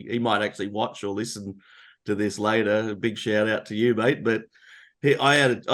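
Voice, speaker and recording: Easygoing Australian man, low voice. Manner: easygoing, chatty, uses fillers like mate. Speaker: guest author. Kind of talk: casual interview chat.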